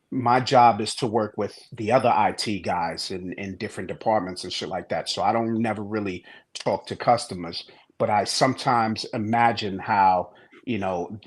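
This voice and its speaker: A man who works in IT, chatting casually on a podcast in a profane, joking way. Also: fairly low pitch. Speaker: podcast co-host and IT worker. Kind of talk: casual chat.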